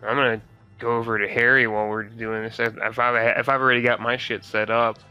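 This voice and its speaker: A man's voice: mid-range voice, little pitch movement, a little fast, bright, forceful tone, clean tone, faint music behind. A man playing a tabletop game over an online voice call, talking casually with hesitant restarts. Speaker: player.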